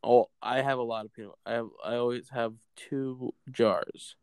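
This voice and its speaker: A man's voice: medium pitch, steady tone, moderate pace, a little mellow, smooth. A young man co-hosting a podcast, chatting casually and crudely, joking and laughing often. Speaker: podcast co-host. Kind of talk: casual chat.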